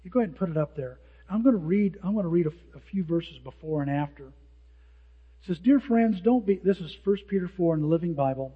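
A male pastor preaching a sermon in an animated way, acting out the lines of people who mock. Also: high-pitched, brisk, breathy edge. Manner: animated, acts out hecklers' lines. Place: church sanctuary. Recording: dull sound with long hall reverb.

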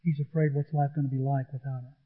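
A man's voice: mid-range voice, flat delivery, fast. A middle-aged man preaching a sermon, earnest and emphatic, often repeating his point. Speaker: pastor. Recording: tinny phone-like sound.

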